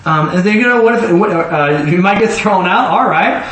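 A man preaching a conversational sermon, animated and rambling, often acting out quoted voices. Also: sits high, normal speed, slight background noise. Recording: echoey room from far off, faint ambience.

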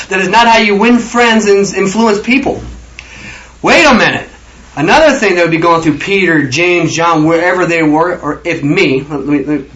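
A man's voice: sits high, a bit bright, muffled recording. A man leading an informal Bible study, rambling through his points and acting out the figures he quotes. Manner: rambling, acts out scripture figures.

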